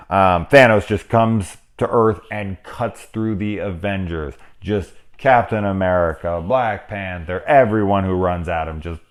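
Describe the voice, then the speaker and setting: A man with a very low, deep voice talks through a movie in loose, casual review style. He rambles, drops in swear words, and chuckles at his own asides. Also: unhurried. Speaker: film reviewer. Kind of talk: casual spoilery movie discussion.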